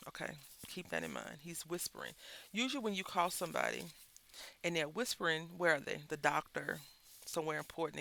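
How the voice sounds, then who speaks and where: A craft vlogger, a man, talks casually as he works, drifting into rambling personal stories. His voice is fairly high, with a gravelly edge and a bright, sharp tone. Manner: rambling, candid storytelling, talks to viewers as y'all. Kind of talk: casual chat while crafting.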